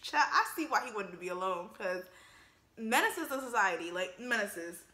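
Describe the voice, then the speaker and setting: A young woman giving casual, joking movie commentary in an emphatic, animated way. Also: medium pitch, moderate pace, echoey room. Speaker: vlogger reacting to a film.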